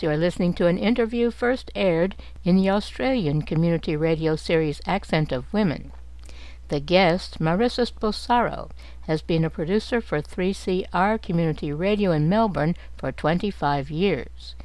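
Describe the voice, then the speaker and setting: A woman presenting a radio program, reading scripted links in a clear, even way. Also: on the low side, normal speed, dry recording, low-quality recording. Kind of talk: scripted narration.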